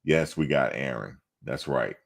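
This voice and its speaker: A man with a very deep, gravelly voice hosts a sports livestream. He talks casually and answers the comments as they come in, teasing the chatters and pushing back at them. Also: expressive, a little slow. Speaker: sports channel host. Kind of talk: casual livestream chat, reading viewer comments.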